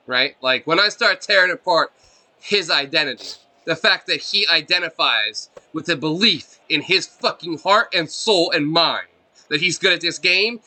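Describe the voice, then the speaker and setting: A man's voice: fairly high pitch, pushed and bright. A man streaming a video game live, ranting casually and swearing a lot in a scornful tone.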